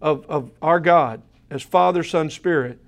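A man preaching an evening sermon, earnest and emphatic, slowing down to repeat key words and addressing his listeners directly. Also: a little high. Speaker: pastor.

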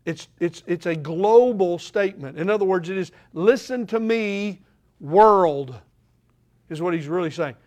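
An older man preaching a sermon, asking the congregation questions and swinging between loud declarations and quiet asides. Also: sits high, fairly quick, few pauses.

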